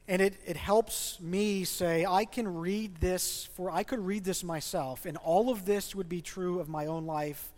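A little high and a little mellow, this man's voice belongs to a pastor preaching a sermon in a church. He talks to the congregation conversationally and asks them questions, recorded with a large hall's long reverb.

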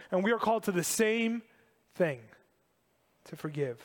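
A man preaching a sermon to a congregation, animated and emphatic, repeating key phrases. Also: sits high, normal speed, big-room sound. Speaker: pastor.

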